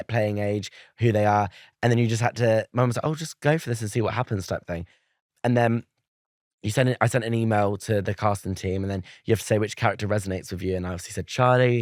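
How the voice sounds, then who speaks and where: A young man talks quickly in a lowish voice, telling a story about himself and acting out the lines of others. The sound is dry and close, with no room around it. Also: dry recording. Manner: chatty, quick storyteller who acts out other people's lines. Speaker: young actor. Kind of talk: casual interview anecdote.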